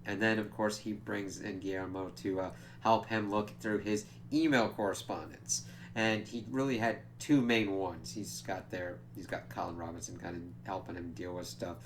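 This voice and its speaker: A man talks through a TV episode in a casual, meandering review, his voice sitting low. He strings thoughts together with fillers and loose asides. A faint hum runs quietly underneath. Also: fairly even intonation, moderate pace. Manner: rambling, loose, many "kind of" and "like" asides.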